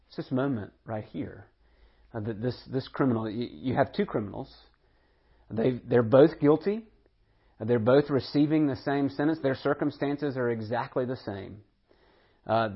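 A man preaching with earnest conviction, often repeating a word as he builds a point and asking the listeners rhetorical questions. His voice is a little husky and sits at an ordinary pitch. The recording is dull and lo-fi. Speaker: pastor. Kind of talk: sermon.

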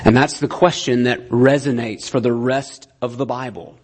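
A man's voice: mid-range voice, moderate pace, few pauses, a little mellow, breathy edge. A man preaching a sermon, emphatic and repeating his key phrases, often checking in with the listeners. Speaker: pastor.

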